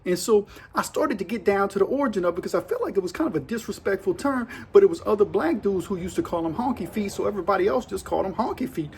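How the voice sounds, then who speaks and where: A man's voice: sits high, animated, quick pace, few pauses, a little mellow, slight background noise. A middle-aged man, casually telling prison stories in a slangy, laid-back way as host of his channel. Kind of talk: casual storytelling.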